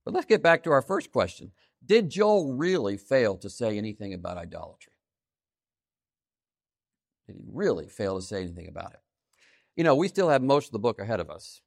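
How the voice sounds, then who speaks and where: A man preaching a sermon, stressing key phrases by repeating them and swinging between loud emphasis and quiet asides. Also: fairly low pitch, very animated, fairly quick, creaky, long pauses, no room sound, studio quality. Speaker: pastor.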